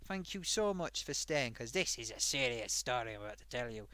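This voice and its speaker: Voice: a little fast, no room sound. A performer voicing a chatty old grandmother sock puppet who hosts a live stream and tells a rambling story. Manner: rambling, animated, wild pitch swings.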